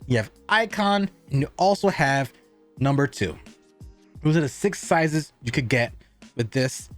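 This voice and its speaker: A man giving a casual cigar review, rambling and asking and answering his own questions. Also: a little high.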